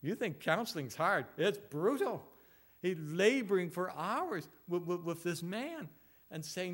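A man's voice: sits high, sing-song, measured pace, a bit bright. Earnest man preaching a sermon. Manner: earnest, rhetorical questions, repeats phrases for emphasis. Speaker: pastor. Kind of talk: expository sermon.

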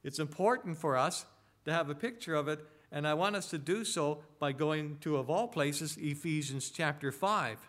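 A man preaching a sermon in a conversational way, asking rhetorical tag questions and reading scripture slowly and deliberately. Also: on the high side, fairly bright tone. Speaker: pastor.

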